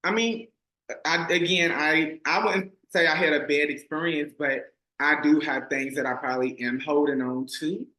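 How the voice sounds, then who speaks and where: A podcast host in an echoey room, speaking at a mid pitch. He asks relaxed, thoughtful questions and mostly answers with short responses. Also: normal speed. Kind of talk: casual interview.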